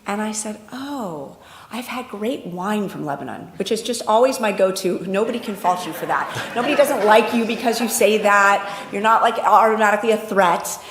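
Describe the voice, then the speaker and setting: A woman's voice: medium pitch, a little fast, hardly any pauses, echoey room, a little hiss or hum. A woman telling a personal story at a religious service, in an easy storytelling way. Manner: warm storytelling, quotes others in dialogue.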